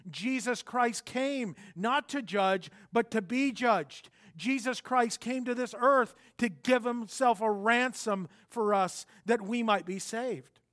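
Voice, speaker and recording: A man preaching a sermon, earnest and conversational, with fillers and restarts, swinging between soft and emphatic. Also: very high-pitched, slow pace, few pauses. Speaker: pastor.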